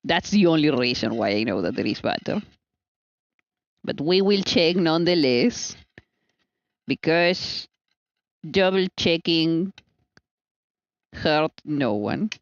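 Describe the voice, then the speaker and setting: A woman's voice: low-pitched, lively intonation, slow pace, pauses often, dry recording, dull audio. A woman streamer chatting casually while she bakes, playful and teasing with exasperated asides.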